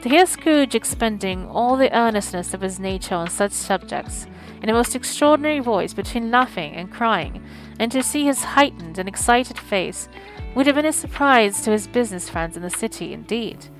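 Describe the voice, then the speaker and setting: A woman's voice: a little high, soft background music, poor audio. Woman reading a classic story aloud. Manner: measured, expressive storybook reading. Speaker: audiobook streamer. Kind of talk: scripted narration.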